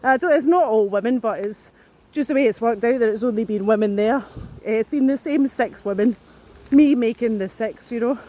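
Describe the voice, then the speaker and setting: A woman's voice: on the high side, a little fast, dark tone. A woman rambling to camera while she walks outdoors, out of breath, with plenty of restarts and swearing. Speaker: vlogger. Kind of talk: casual talk to camera.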